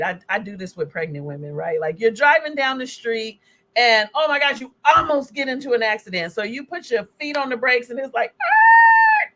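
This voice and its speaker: Animated woman giving a health talk. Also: a little high. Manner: animated and conversational, acts out scenes. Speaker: health educator presenting slides. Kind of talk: presentation talk.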